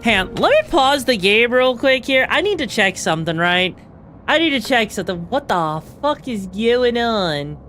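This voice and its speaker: Young woman streamer reacting to a game, kinda high voice, swears a lot, faint game music under it. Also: normal speed. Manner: excitable, swears freely, lots of fillers and tag questions. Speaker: VTuber streamer. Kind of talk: live gameplay commentary.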